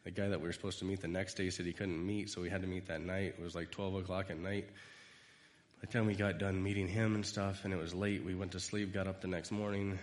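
A deep-voiced man from the United States speaks fairly quickly with a flat delivery in a large hall, giving an informal devotional sermon. He rambles through personal anecdotes and acts out quoted lines.

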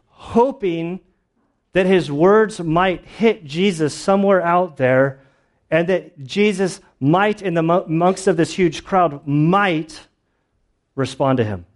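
A man's voice: high voice, takes it slowly. A man preaching a sermon in a casual, conversational way, telling stories with lots of fillers and restarts. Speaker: pastor.

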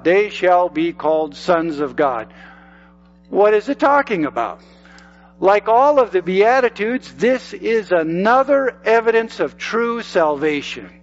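A man's voice: high-pitched, lo-fi sound. An older man preaching a sermon as pastor, emphatic and repeating phrases for effect.

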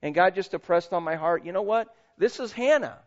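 A man's voice: high voice, expressive, a little fast, dull audio. A man preaching a sermon as pastor, emphatic and conversational, with asides to the congregation.

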